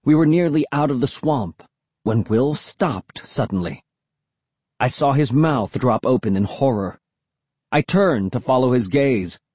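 A man narrating a first-person audiobook in a measured, even storytelling manner. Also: medium pitch, breathy edge, no echo.

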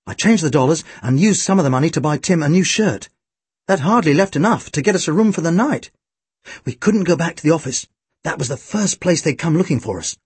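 A man narrating a first-person audiobook, with a lively, wry delivery and deadpan asides. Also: a little high, husky, no echo.

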